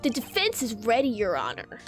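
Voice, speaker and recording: A nervous young male defense attorney, played by a woman in her own high, lively voice. He hesitates and stumbles over his words. Faint music plays underneath. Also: moderate pace.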